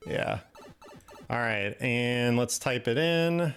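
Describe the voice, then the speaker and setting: A man of middle pitch hosts a live game stream in a loose, rambling way. He talks easygoing and unscripted, full of fillers and false starts. Faint game music plays behind him. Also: slow. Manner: relaxed, rambling with many fillers. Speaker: stream host. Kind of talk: casual live-stream chat.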